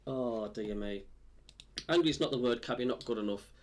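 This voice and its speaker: Frustrated Mackem football fan streamer. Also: male voice, medium pitch, normal speed, a little hiss or hum. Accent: Sunderland (Mackem). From Sunderland, England. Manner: blunt, candid, deflated and frustrated, many ums. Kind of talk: live watchalong stream chat, reading viewer comments.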